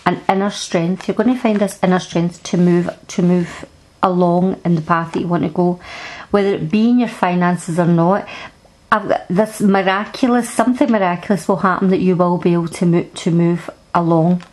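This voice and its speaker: A woman's voice: mid-range voice, darkish tone, low-quality recording. A woman with a Scottish accent giving a casual tarot card reading to camera, reassuring and often repeating and restarting her words. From Scotland.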